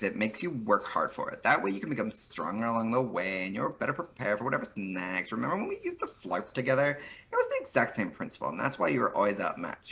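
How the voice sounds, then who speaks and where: A man voicing a bossy, scornful young female troll in a high, pushy Valley Girl voice during a comic read-aloud. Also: creaky, fairly bright tone, a little hiss or hum.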